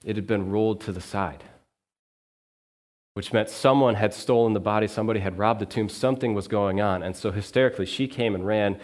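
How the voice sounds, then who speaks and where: Low-voiced minister telling the story as himself. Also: male voice. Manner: earnest storyteller, quiet and reflective. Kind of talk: first-person sermon monologue in character. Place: church sanctuary.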